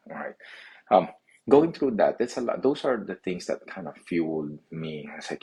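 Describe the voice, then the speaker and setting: A middle-aged man from the Philippines telling his life story, halting and restarting often. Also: sits low, big pitch swings, vocal fry, dark tone, slightly rough. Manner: halting, many restarts and "you know" fillers. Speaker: physical therapy clinic owner. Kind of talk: personal story monologue.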